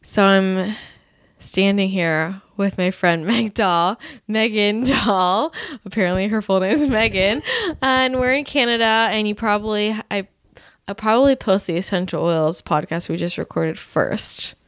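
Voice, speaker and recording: A woman's voice: medium pitch, measured pace, a bit bright, clean tone, no room sound. A young American woman from California, a podcast host, chatting in a bubbly, casual way with plenty of fillers. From California, USA. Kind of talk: casual chat.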